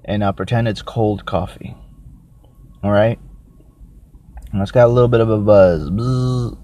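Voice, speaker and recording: A man hosting a casual solo podcast who rambles, thinks out loud and makes crude, self-mocking jokes while reviewing a drink. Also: on the low side, moderate pace. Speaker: podcast host.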